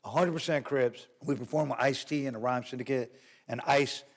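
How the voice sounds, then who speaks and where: As a guest in an interview, a middle-aged man from New York tells a wild story in a medium-pitched voice, going a little fast. It's a profane, lively telling in which he acts out other people's voices, especially the police.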